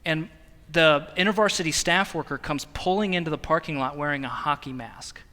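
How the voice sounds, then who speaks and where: A young man preaching, telling a story in a lively, self-mocking way with bursts of laughter. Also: on the high side, a little fast. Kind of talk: sermon storytelling. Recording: long hall reverb.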